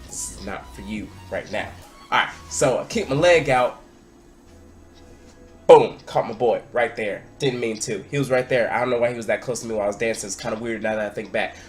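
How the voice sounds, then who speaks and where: A young man vlogging, telling a party story in a casual, excitable way and sometimes shouting out what people said. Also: fairly low pitch, fairly quick, soft background music. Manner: animated, excitable, breaks into loud acted-out quotes.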